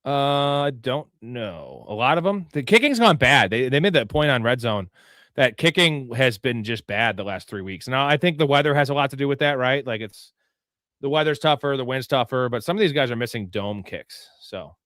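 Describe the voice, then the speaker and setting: A man's voice: medium pitch, animated, normal speed, fairly bright tone, no room sound, studio quality. A man hosting a live fantasy football show, talking in a casual, rambling, profane way.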